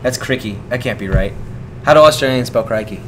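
A man talks through a video game with a friend in an easygoing, amused way. His voice sits at an ordinary middle pitch. A faint hum of room ambience runs underneath. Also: fairly quick. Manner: relaxed, chuckling, talks over gameplay. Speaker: let's play co-host. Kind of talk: casual gameplay chat.

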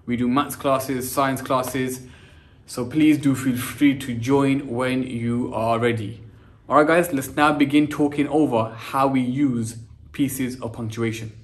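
A young man, a teacher, giving an energetic online lesson and saying "guys" in nearly every sentence. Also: mid-range voice, a little slow. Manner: energetic, says "guys" constantly. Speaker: English teacher.

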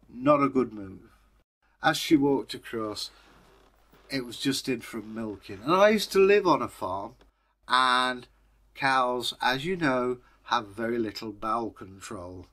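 A male storyteller shares an old tale with his viewers. His delivery is lively and wide-ranging in pitch, chatty and casual, laced with cheeky asides. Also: a little slow. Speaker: storyteller, channel host.

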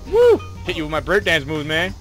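A young man hosting a gaming video, excitable, laughing and swearing at the game while he plays. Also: a little high, brisk, over music. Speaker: gaming channel host. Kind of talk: casual gameplay commentary.

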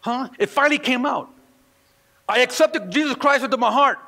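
Preaching in a church sanctuary, a pastor with a very high-pitched, creaky, bright, and forceful voice speaks at a moderate pace, acting out quoted voices as he tells stories. Long church-hall reverb surrounds him.

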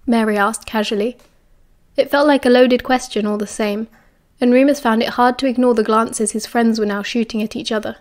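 A woman narrating an audiobook with a slightly high voice. She reads in a measured, expressive way and gives each line a clear storybook rhythm. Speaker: audiobook reader. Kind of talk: audiobook narration of fan fiction.

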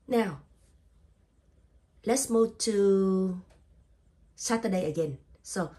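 This woman's voice sits at medium pitch, a little mellow, slow and full of pauses. She's giving a patient English spelling lesson, breaking words into letters and syllables, saying each word again, with simple non-native grammar.

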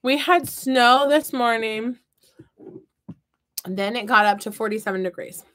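A woman's voice: on the high side, unhurried, a bit bright. Chatty woman hosting a craft livestream. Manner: chatty, reads out viewer comments; playful and upbeat. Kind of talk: casual chat while crafting. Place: her home office.

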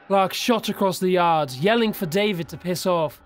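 A man narrating a horror story in a steady, serious storytelling voice. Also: high-pitched, normal speed. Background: faint background music.

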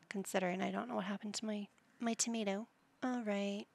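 A woman's voice: mid-range voice, steady tone, a little fast, gravelly. A woman hosting a gaming channel, chatting casually and musing to herself as she plays, sometimes dropping to a whisper. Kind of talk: casual gameplay commentary.

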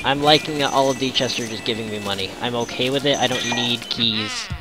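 A man's voice: medium pitch, brisk, noisy background. A man giving casual, rambling commentary on a video game, full of sarcastic asides. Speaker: let's play commentator. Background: video game music.

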